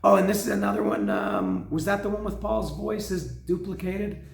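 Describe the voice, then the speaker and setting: A man hosting a casual spoken album review, his voice hoarse and cracking, rambling with restarts and humming along. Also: sits high, animated, normal speed, a little hiss or hum. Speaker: host. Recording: echoey room.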